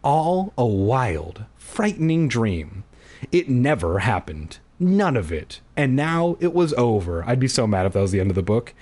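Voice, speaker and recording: A young man casually reading a story aloud, animated, with jokey asides and a husky voice. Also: medium pitch, measured pace. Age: young adult. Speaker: reader of books aloud.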